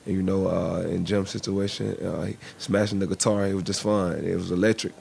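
Low gravelly young man, halting. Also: little pitch movement, a little mellow, a little hiss or hum. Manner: halting, many fillers. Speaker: football cornerback, guest. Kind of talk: radio interview.

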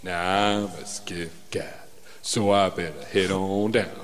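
A man's voice: deep voice, steady tone, takes it slowly, a little hiss or hum, pitched below the performer's own voice. A podcast host playing a bumbling male guard with a lisp in improvised comedy role-play, rambling and giggly. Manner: rambling, giggly, self-deprecating.

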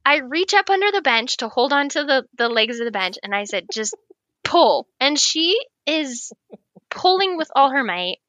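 Bright-voiced woman telling a story. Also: high-pitched, moderate pace, no room sound. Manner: animated, laughs often, acts out quoted lines. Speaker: guest. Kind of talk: casual storytelling.

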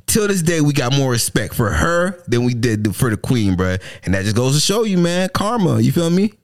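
Slangy, animated young-sounding man. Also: mid-range voice, moderate pace. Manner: slangy, profane, laughs often, animated storytelling. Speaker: podcast co-host. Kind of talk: casual podcast banter.

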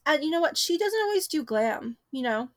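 A woman's voice: high voice, big pitch swings. Chatty young woman co-hosting a podcast. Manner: chatty, giggly, fast riffing. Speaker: podcast co-host. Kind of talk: casual chat.

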